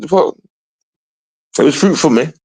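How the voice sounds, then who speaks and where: Young man, livestreamer, rambling, mock-sad, lively swinging pitch. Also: measured pace, husky, rough recording. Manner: rambling, mock-sad, repeatedly addressing "everybody". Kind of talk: casual livestream chat to viewers.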